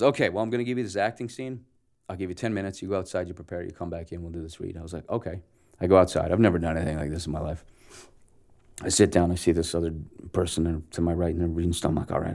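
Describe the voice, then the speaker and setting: A man from Canada in his forties speaks in a low, deep voice. He tells a story in a casual interview and acts out the dialogue with plenty of energy, laughing now and then. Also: flat delivery, racing, vocal fry, mellow. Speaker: actor guest.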